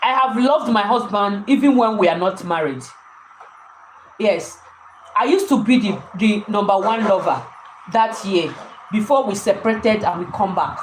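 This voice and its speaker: A woman's voice: medium pitch, expressive, a little slow, roomy sound, slight background noise, poor audio. A woman co-hosting a live anniversary stream from home, talking emotionally to viewers and often repeating herself. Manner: emotional, repeats and restarts phrases.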